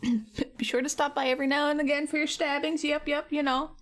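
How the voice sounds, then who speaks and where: A woman's voice: high-pitched, little pitch movement, fairly quick. A woman art streamer chatting casually and teasingly with her viewers while painting, laughing often and fighting a slight cough.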